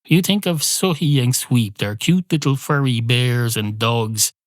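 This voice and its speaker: A man's voice: mid-range voice, measured pace, no echo. A man hosting a solo comedy podcast, rambling through sweary, mock-indignant asides. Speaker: podcast host.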